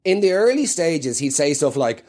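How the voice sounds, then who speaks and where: A man's voice: a little high, sing-song, normal speed, warm tone. A man with a South Dublin Irish accent doing rambling, self-mocking stand-up comedy with plenty of swearing. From Ireland.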